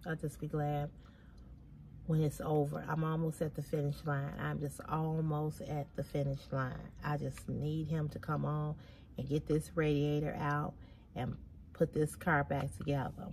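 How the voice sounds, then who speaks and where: A woman's voice: low-pitched, level tone, a little slow, darkish tone, a little hiss or hum. A woman vlogger talking casually to her viewers, sounding weary, sighing often and repeating her points for emphasis. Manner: weary, venting, with frequent heavy sighs. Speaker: fashion vlogger. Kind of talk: casual chat to camera.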